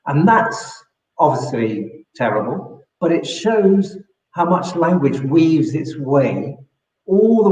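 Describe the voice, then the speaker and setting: A man's voice: on the high side, darkish tone. London man, echoey room. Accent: London English. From London, England. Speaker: guest. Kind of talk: conversational interview.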